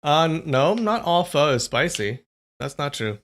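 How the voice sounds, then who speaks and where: A man's voice: fairly high pitch, sing-song, a little slow, fairly bright tone. A young man chatting casually on a live stream, rambling and answering viewers' comments.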